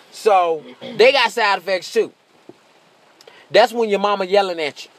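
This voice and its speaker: Man, stand-up comedian, high voice, profane, brash, laughs a lot. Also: measured pace. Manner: slips into shrill mocking voices. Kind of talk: stand-up monologue.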